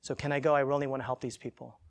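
A man quoting his devout, pregnant wife, speaking softly and reassuringly. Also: medium pitch, little pitch movement, racing, vocal fry, voice pushed down, natural voice. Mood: gentle.

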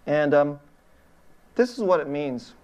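A woman's voice: sits low, animated, measured pace, dark tone. A middle-aged woman pastor giving an informal children's sermon in a church, asking the congregation questions and laughing often.

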